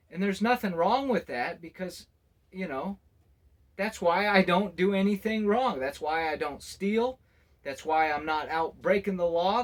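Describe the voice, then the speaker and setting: Guy with a high voice ranting to camera, rambly, laughs a lot. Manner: exasperated, rambling, laughs often. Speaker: travel vlogger. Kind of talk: casual monologue to camera.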